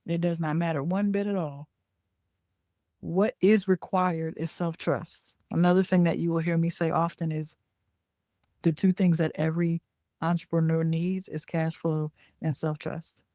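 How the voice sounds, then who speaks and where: A woman's voice: low-pitched, little pitch movement, measured pace, dark tone, no echo, studio quality. A woman hosting a podcast as a business coach. She talks in a chatty, casual way, checks in with listeners with a frequent "okay?", and corrects herself mid-sentence. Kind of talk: casual talk.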